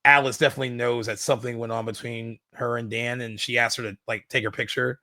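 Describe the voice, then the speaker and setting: Bright-voiced man co-hosting a film podcast. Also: medium pitch, flat delivery, fast, no room sound. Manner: enthusiastic, many "like" fillers and restarts. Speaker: podcast co-host. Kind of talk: casual film discussion.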